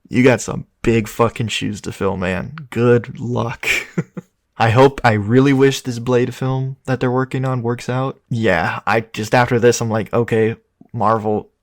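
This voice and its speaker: A man co-hosting a loose, casual film review chat, his voice at an everyday middle pitch. He gets excited easily, swears freely and laughs a lot. The sound is dry and close, with little room around it. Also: no room sound. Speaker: podcast co-host.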